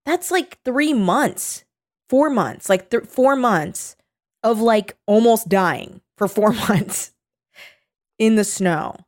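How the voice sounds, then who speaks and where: A woman in casual conversation, retelling a story with lots of fillers and acting out quotes in high voices. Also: lively intonation, slow, a little mellow. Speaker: co-host recounting a reality show. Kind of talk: casual chat.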